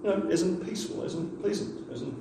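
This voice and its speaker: A man's voice: high voice, expressive, fast talker, gravelly, background noise. Patient teacher man in an echoey classroom. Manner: patient, repeats words for the class to echo. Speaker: language teacher. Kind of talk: classroom language lesson. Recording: echoey room, mic far off.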